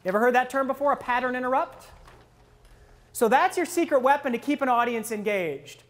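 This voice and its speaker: At a live workshop, a man teaches presentation skills, speaking a little fast with a fairly bright tone. He quizzes the audience with questions and acts out listeners' wandering thoughts in a lower voice.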